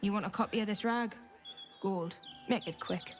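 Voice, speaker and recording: A man's voice: sits high, moderate pace. An actor playing an impatient male newspaper seller in a video game, curt and pushy, over faint music.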